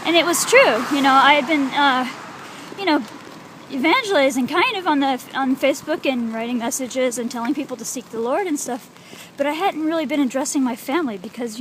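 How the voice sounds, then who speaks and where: A woman's voice: high-pitched, a bit bright, slight background noise, rough recording. A woman telling a personal religious dream in a casual, hesitant way, with lots of filler words.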